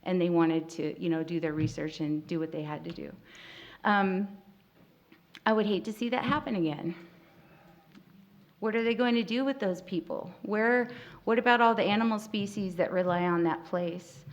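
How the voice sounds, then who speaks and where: A woman moderating a panel discussion at a festival workshop, speaking in a heartfelt, halting way with many pauses and fillers. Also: on the low side, lo-fi sound. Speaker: panel moderator, tribal spokesperson. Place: festival workshop room, live audience.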